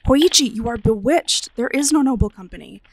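A big, dogged temple servant from a storybook ghost tale, grumbling and pressing, as a woman reader puts him on. The voice keeps a gravelly rasp. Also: fairly high pitch, lively intonation, fairly quick, low-quality recording. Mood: urgent. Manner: grumbling, then urgent.

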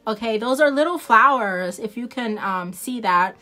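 A woman's voice: on the high side, expressive, normal speed, bright, forceful tone. A woman with a New Jersey accent chatting casually to viewers as she shows off nail products, rambling and laughing easily. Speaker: independent nail product seller. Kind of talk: casual live product showcase.

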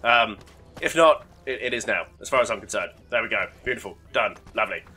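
Sweary gamer, bright voice. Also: male voice, on the low side, lively intonation, a little fast. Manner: sweary, rambling, self-mocking. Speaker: gaming YouTuber. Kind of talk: casual gameplay commentary.

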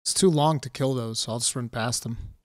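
A man giving casual gameplay commentary as a let's play host, easily frustrated and quick to angry outbursts. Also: medium pitch, dry recording.

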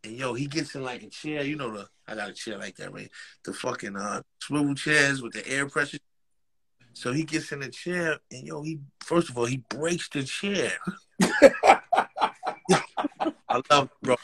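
A man's voice: mid-range voice, moderate pace, pauses often, slightly rough. A man with a New York accent, a rapper telling street stories in a casual interview, full of slang and acted-out quotes. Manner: animated street slang, acts out quotes, frequent laughs.

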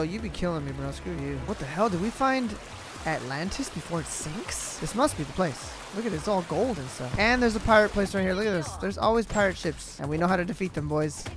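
A young man giving slangy, excitable, trash-talking commentary while playing a video game. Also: high voice. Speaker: gaming YouTuber. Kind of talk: gameplay commentary. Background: game music.

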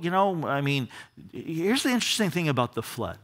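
A male pastor teaching a verse-by-verse Bible study in church, animated and often repeating words as he starts a thought. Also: a little high, brisk. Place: church during a live service.

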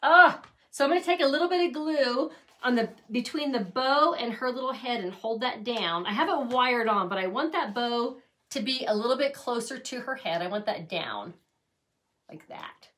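A woman's voice: fairly high pitch, normal speed, fairly bright tone. A middle-aged woman hosting a casual craft tutorial, chatty and gushing over her handmade pieces. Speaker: craft channel host.

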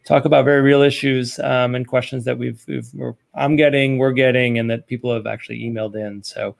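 A man's voice: medium pitch, steady tone, fairly quick, gravelly. A man speaking at a committee meeting over a video call, loose and rambling in a conversational way. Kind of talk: casual meeting remarks.

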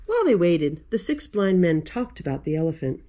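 A librarian reads a picture book aloud to children in a warm, mellow voice. Her pitch rises and falls a great deal, and she is playful and laughs often. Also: very animated, brisk, a little hiss or hum.

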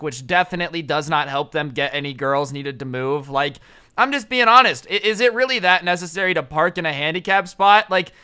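A man's voice: fairly high pitch, bright, forceful tone, smooth. A young adult man telling a story in a casual vlog, chatty and slangy with lots of asides. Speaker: storytime vlogger.

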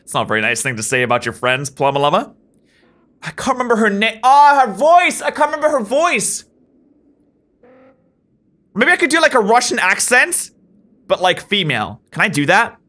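A woman's voice: medium pitch, sing-song, normal speed, pauses often, a bit bright. A woman hosting a game let's play, chatty and joking as she plays and reads out comments. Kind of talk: gameplay commentary, reading comments.

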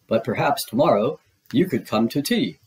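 Storybook owl, prim and formal, lively lilt, read by a man. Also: medium pitch, normal speed, close to an everyday voice. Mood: polite. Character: proper, busy old owl.

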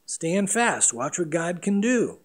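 A middle-aged man preaching a sermon as pastor, earnest and emphatic, with big swings between loud and quiet. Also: high-pitched, big pitch swings, slow pace.

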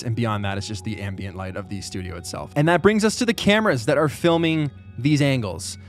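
A mid-pitched man walks through his filming gear in a casual, joking way. He is recorded on a boom mic in his own studio. Faint music plays underneath. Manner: joking, animated asides. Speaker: YouTube creator.

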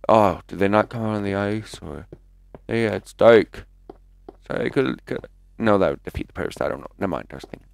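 A man with a somewhat low voice talks through a video game live in an offhand, rambling way. He chats to his viewers between moves and lets out quick, jumpy exclamations when something startles him. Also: expressive, gravelly, no room sound. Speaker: gaming commentator. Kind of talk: live let's-play commentary.

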